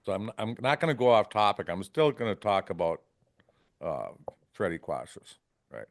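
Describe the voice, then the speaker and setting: A Wisconsin man who works as a fishing guide tells casual, rambling stories in a podcast studio, speaking at normal speed in a fairly low, very animated voice. The sound is clean studio audio with no echo, and he often adds "right?" and performs salty quotes.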